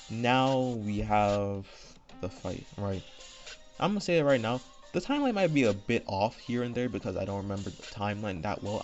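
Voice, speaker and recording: A man with a lowish voice retells his fan story without a script, wandering through fillers and checking in with "right?". He is recorded at home on a desk microphone that sounds dull and lo-fi. Faint music runs underneath. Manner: rambling, full of fillers and "right?" asides. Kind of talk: unscripted casual story retelling. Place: home room.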